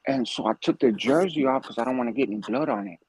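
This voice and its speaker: A man telling a story casually, animated and profane with streetwise slang. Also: mid-range voice, fast talker, breathy edge, rough recording.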